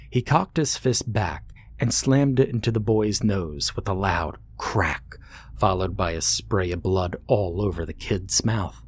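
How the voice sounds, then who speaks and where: A man narrating a horror story in a measured, deliberate scripted reading. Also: deep voice, slightly rough.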